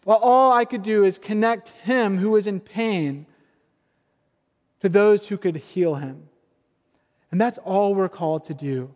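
A man with a high, light voice preaches a sermon in a relaxed, storytelling way, as if chatting with the congregation. His words ring out with a long reverb from a large hall. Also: unhurried, pauses often, highs cut off. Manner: storytelling, conversational and earnest. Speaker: pastor.

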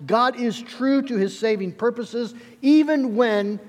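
A man's voice: very high-pitched, unhurried, a little mellow, in a large hall. A male pastor preaching a sermon in an earnest, emphatic way, often restarting his phrases.

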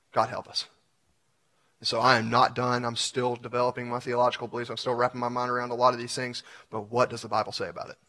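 A male pastor, talking to his church in a loose, conversational way, full of "like" and "y'all." His voice is bright and forward, at an ordinary pitch. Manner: casual, filler-heavy, uses "y'all" and "like". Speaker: community pastor. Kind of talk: conversational teaching and prayer.

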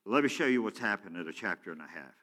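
Pastor, male, bright ringing delivery in a reverberant sanctuary, shifts between loud exhortation and quiet prayer. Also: fairly low pitch, expressive, quick pace. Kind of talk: sermon. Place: church sanctuary. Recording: church hall with long reverb.

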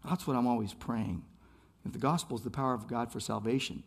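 A man's voice: mid-range voice, fairly quick, husky. A man preaching a sermon as pastor, impassioned, building phrases by repeating them.

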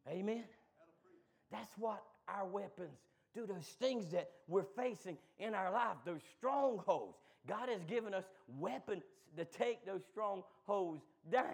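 A man preaching a sermon, moving from quick low asides to loud, shouted call-and-response. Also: creaky.

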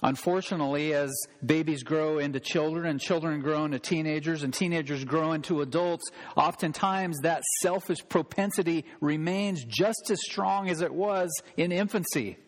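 A man preaching a sermon as pastor, emphatic, slowing down to stress key phrases. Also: a little high, long reverb tail.

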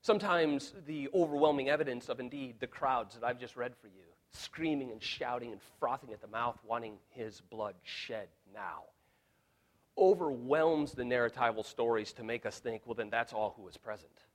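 A man's voice: medium pitch, normal speed. A man preaching an expository sermon in an earnest, emphatic way, often repeating words as he restarts. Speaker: pastor.

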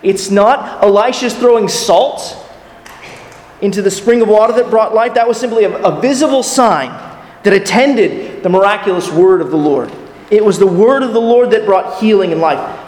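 In an echoey hall with long reverb, a pastor delivers an earnest sermon in a high-pitched, slightly mellow voice at normal speed. He poses rhetorical questions to his listeners.

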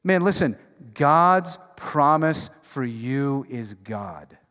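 A man preaching a sermon as pastor, conversational and emphatic, dropping from loud bursts to hushed lines. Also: mid-range voice, lively intonation, drawn-out words. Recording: long reverb of a large hall.

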